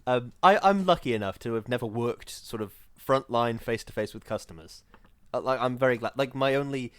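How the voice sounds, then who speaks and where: A young British man co-hosting a podcast in casual chat, chatty and quick to laugh. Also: medium pitch, no echo. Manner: chatty, laughs easily, lively voices in anecdotes. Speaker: podcast co-host.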